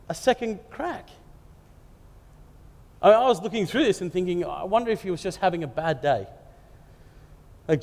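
A man's voice: high voice, a little mellow. Man, preacher, jokey conversational sermon, long hall echo. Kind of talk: humorous sermon. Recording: echoey hall reverb.

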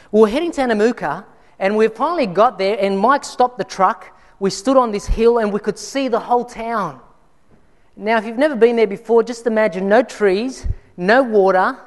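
Man preaching in a reverberant hall. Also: high-pitched. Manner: conversational storytelling, frequent restarts. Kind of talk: sermon with personal story. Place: church.

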